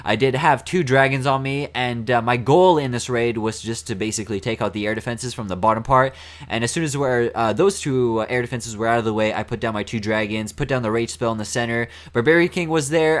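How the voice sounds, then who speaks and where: A young man talking through his own gameplay in a relaxed, rambling way, his voice hoarse and raspy today. He fills gaps with "uh" and "like" and breaks into short laughs. His pitch sits in a plain middle range for a man, recorded close on a desk mic. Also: a little fast. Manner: chatty, laughs often, many fillers. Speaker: gaming commentator. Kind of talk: casual gameplay commentary. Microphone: desk microphone.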